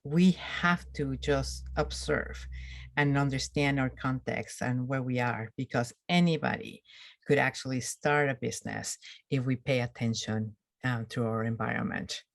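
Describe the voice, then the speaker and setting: A woman's voice: extremely low pitch, steady tone, creaky, dry recording. Woman host, thoughtful, lots of ums, dry close sound. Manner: thoughtful, measured, with frequent ums. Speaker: host interviewer. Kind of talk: conversational summit interview.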